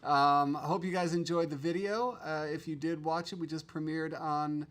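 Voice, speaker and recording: A man's voice: a little high, steady tone, normal speed, fairly bright tone. A man hosting a casual livestream from a home studio, chatting loosely, trailing off and restarting his sentences. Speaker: livestream host.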